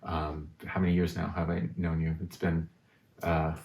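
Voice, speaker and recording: Deep-voiced man, thoughtful and roomy. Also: little pitch movement, normal speed, vocal fry, a little mellow. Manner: thoughtful, searching for words. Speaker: guest in a conversation on relationships. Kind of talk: reflective casual conversation. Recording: roomy echo.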